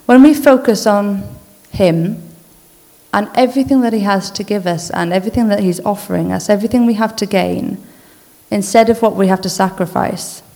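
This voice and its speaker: A woman giving an informal church talk, speaking earnestly in a conversational way and then reading a list slowly and deliberately. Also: mid-range voice, mellow. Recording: long hall reverb.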